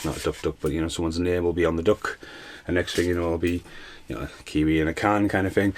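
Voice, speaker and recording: A man's voice: low voice, fairly even intonation, fast, slight background noise. A man giving a casual, rambling film review, swearing freely and laughing at his own jokes. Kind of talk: casual movie review rant.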